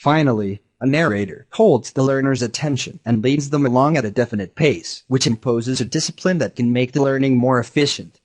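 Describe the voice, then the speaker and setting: A text-to-speech man's voice giving a scripted narration in an even, measured explanatory manner. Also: mid-range voice.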